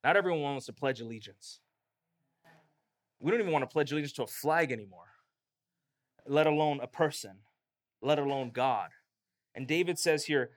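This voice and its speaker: A man's voice: medium pitch, normal speed, long pauses. A man preaching a sermon as a pastor, emphatic and rising in emphasis on key lines.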